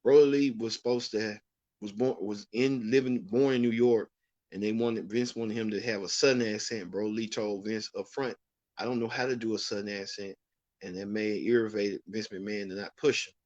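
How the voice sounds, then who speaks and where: A man's voice: fairly low pitch, fairly even intonation, moderate pace, darkish tone, dry recording, lo-fi sound. A man hosting a wrestling recap show, giving rambling, opinionated commentary with frequent restarts. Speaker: host.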